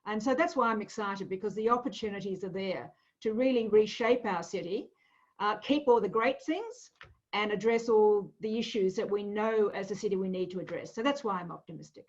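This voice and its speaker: A woman's voice: mid-range voice, fairly quick, highs cut off. A woman speaking earnestly and upbeat about her city, with frequent fillers, on a video call. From Melbourne. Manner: earnest, upbeat civic talk with many fillers.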